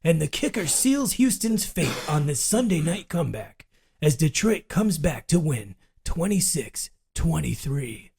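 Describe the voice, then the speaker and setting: Guy co-hosting a fantasy football podcast, slightly higher voice, jokey and teasing. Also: big pitch swings, a little slow, creaky, darkish tone, husky. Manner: joking, teasing, laughs often. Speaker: podcast co-host. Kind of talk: casual sports podcast banter.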